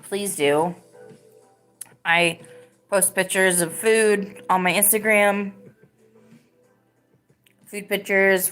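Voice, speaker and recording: A woman with a lowish, clean-toned voice hosts a live podcast. She chats casually and rambles, filling her talk with lots of "like"s.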